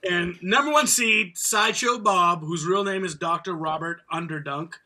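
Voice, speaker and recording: A man's voice: high-pitched, moderate pace, bright, forceful tone. A man hosting a casual podcast, announcing tournament brackets playfully and chatting with co-hosts. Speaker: podcast host.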